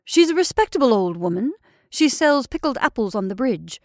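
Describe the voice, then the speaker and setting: A woman's voice: fairly high pitch, big pitch swings, normal speed, darkish tone, dry recording, clean studio sound, voice pushed up. A woman doing a sly, drawling waiter. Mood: conspiratorial. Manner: drawling, conspiratorial, sometimes whispering. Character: sly, wheedling male inn waiter, secretive.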